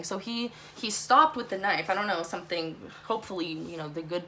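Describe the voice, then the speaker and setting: A young woman telling a storytime vlog, talking fast and animated, swearing a lot and saying "like" often. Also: medium pitch. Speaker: vlogger.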